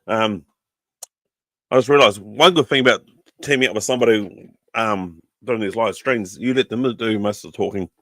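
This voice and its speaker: A man's voice: fairly low pitch, moderate pace, fairly bright tone, dry recording. A man with a New Zealand accent talks casually to his livestream audience, drifting between thoughts with plenty of ums. His throat is sore and keeps catching. The sound is dry and close. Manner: rambling, full of ums, chummy with viewers. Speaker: podcast host.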